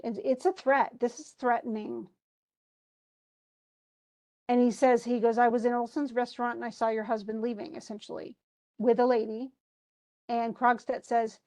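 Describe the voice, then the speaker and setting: With little pitch movement, this literature teacher speaks at normal speed in a fairly high, darkish voice, leaving long pauses. She walks her class through a play scene, reading characters' lines aloud amid her own explanations, asides and restarts.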